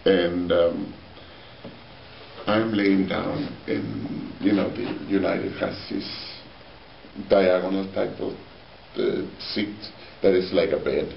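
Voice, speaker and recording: Deep-voiced man telling stories in a hall. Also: creaky. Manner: animated storyteller, halting with many fillers. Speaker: opera singer, guest. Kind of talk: storytelling interview. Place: meeting hall. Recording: roomy, distant, dull with faint hiss.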